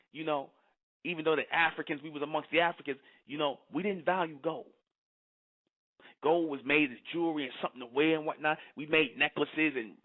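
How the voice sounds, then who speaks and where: A man from the United States giving a preachy monologue, lecturing and checking again and again that the listener understands. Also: a little high. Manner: lecturing, keeps asking "you understand?". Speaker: commentator. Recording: tinny phone-like sound.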